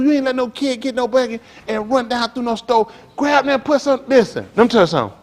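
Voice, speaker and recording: A man preaching a sermon as pastor, telling stories with loud outbursts. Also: very high-pitched, quick pace, few pauses. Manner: animated preaching with storytelling, loud outbursts and laughs.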